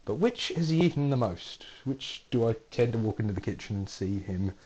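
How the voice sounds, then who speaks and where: Lively lecturer reading quiz questions. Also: male voice, medium pitch, a little fast, highs cut off. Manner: playful, dry asides, corrects himself mid-question. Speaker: university lecturer.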